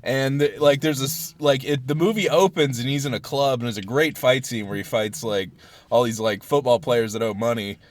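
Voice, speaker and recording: A man hosting a casual podcast chat, excitable, laughing often and breaking off mid-sentence to start over. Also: mid-range voice, moderate pace. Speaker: podcast host.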